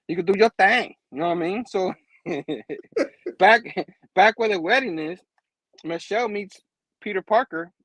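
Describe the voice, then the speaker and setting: Man, high voice, casual comic recap, frequent laughs, quick character voices, dry close sound. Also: a bit bright, no room sound, poor audio. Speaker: comic book reviewer.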